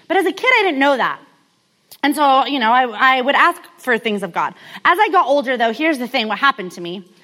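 A woman's voice: high voice, expressive, a little fast, bright, forceful tone. A woman in her thirties from California giving a candid, conversational sermon told as a personal story, with many casual fillers. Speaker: speaker.

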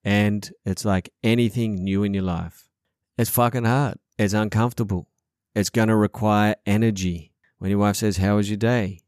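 Podcast host, man, low-ish voice, earnest and profane, dry close sound. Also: steady tone, normal speed, a little mellow, clean tone, no echo. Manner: earnest, repetitive, swears a lot. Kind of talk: casual podcast chat.

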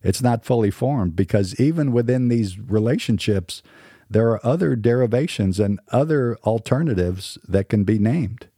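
A man's voice: mid-range voice, lively intonation, moderate pace, mellow, husky, dry recording, clean studio sound. A middle-aged man from the American South with a mostly standard American accent, hosting a podcast in a scripted monologue with wry, sarcastic asides. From Southern United States. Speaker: podcast host.

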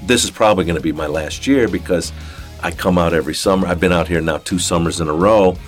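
An older man with a deep, low-pitched voice tells a story at an easy, rambling pace. He speaks casually and folksily, with plenty of "uh"s and restarts. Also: fast, faint music behind. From southern Ohio. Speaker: interview guest.

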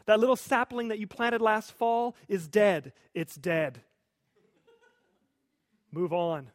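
A pastor preaching a sermon in a conversational, lightly humorous storytelling manner. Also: male voice, sits high, animated, slow pace, no room sound.

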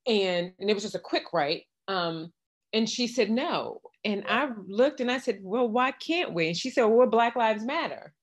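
A woman's voice: medium pitch, normal speed. A middle-aged woman telling a personal story in casual conversation, acting out the exchanges she quotes. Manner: animated retelling with quoted exchanges. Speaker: guest.

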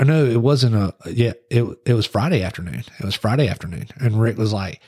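Laid-back low-voiced man in his forties. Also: lively intonation, a little fast, hardly any pauses, a little mellow, slightly rough, dry recording, studio quality. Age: 40s. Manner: laid-back, rambling, upbeat. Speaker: surf shop owner and sponsor. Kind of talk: casual storytelling chat.

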